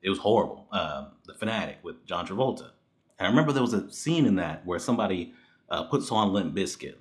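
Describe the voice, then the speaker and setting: A man with a fairly low voice delivers a casual movie review. He is blunt and swears freely, ranting in exasperation and breaking into laughs. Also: expressive, fairly quick.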